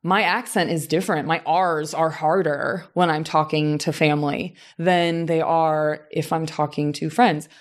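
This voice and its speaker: A woman from Southern Indiana who teaches, talking in a relaxed conversation about how people speak, thinking aloud with frequent restarts. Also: low-pitched, unhurried, few pauses. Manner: reflective, animated examples, frequent restarts. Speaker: teacher and voice coach. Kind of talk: casual conversation.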